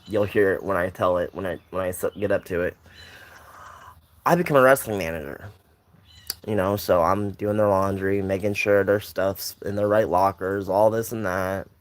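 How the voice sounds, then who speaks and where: A young man with a low voice tells a personal story at a moderate pace. He rambles casually, often restarting and drifting into side notes.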